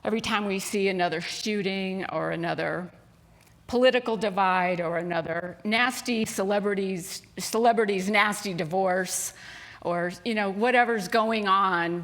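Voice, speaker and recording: A woman minister speaks to her congregation in a relaxed, conversational way. Her voice sits at a middle pitch, and she drifts into asides as she tells stories. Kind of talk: sermon. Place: spiritual center sanctuary.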